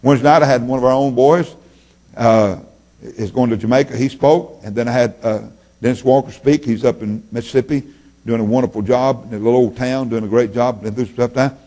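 A middle-aged man with a drawl preaches to his church in a folksy, animated way. His voice has a middle pitch, climbing into sudden loud peaks and then sinking back down to a quiet murmur. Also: fairly quick. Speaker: pastor. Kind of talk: sermon.

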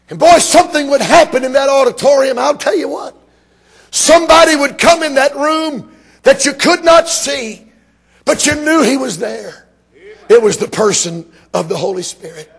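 A man from Georgia preaching a sermon, telling stories emphatically and rising to shouts. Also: very high-pitched, creaky, husky.

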